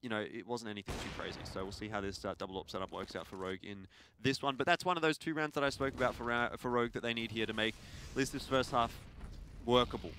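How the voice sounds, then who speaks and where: Male color commentator, bright voice, easygoing analytical ramble. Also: mid-range voice, quick pace, a little hiss or hum. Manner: relaxed, rambling analysis with fillers. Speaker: esports analyst.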